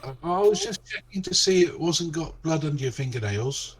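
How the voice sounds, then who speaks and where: A man's voice: on the high side, animated, moderate pace, rough recording. A man playing a tabletop game, hesitant and full of ums and restarts. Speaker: player.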